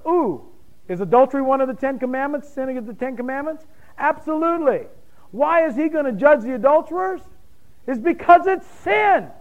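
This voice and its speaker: High-voiced man preaching emphatically. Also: expressive, normal speed, highs cut off. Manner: emphatic, rising to loud points, quizzes the congregation. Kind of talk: sermon.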